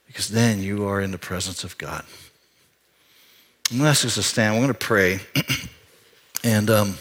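An older man, a pastor, preaching a confessional sermon, moving from hushed, halting storytelling to loud, emphatic exhortation. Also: fairly low pitch, breathy edge. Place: church sanctuary.

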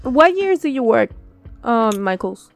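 A woman's voice: on the high side, big pitch swings, unhurried, creaky, no echo, soft background music. A woman co-hosting a podcast, chatting casually, with short reactions and teasing questions. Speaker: podcast co-host.

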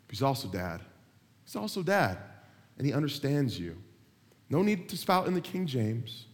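Male pastor, lively joking sermon, slightly high voice, reverberant church hall. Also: normal speed. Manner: animated, joking, acts out people he mentions.

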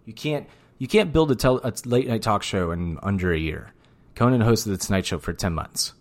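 A man's voice: on the low side, animated, moderate pace. A man co-hosting a podcast in casual chat, blunt and teasing, ranting at times. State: out of breath. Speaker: podcast co-host.

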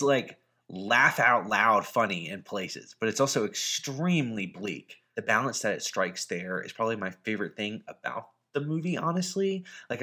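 A man with a lowish voice co-hosts a relaxed podcast about films. He talks in a chatty, jokey way and slips easily into animated storytelling. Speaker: podcast co-host. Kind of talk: casual chat.

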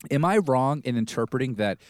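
A man's voice: mid-range voice, expressive, a little fast, no room sound, studio quality. A man co-hosting a podcast, joking and swearing casually while retelling movie scenes. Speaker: podcast co-host. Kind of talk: casual movie review chat.

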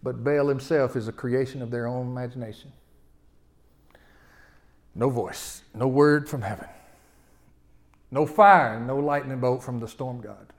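A man preaching a sermon, telling the story with lively swings between loud outbursts and quiet asides. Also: medium pitch, measured pace, long pauses.

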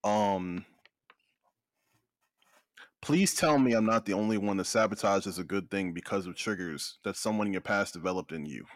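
A man hosting a podcast in casual chat, relaxed, reading out listener questions. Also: low voice, normal speed, pauses often, no echo, clean studio sound. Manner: relaxed, repeats himself when cutting in. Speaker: podcast host.

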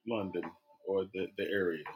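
A man's voice: low voice, fairly even intonation, moderate pace, slight background noise. A man chatting casually as a co-host, laid-back and hesitant with many ums. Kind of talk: casual chat.

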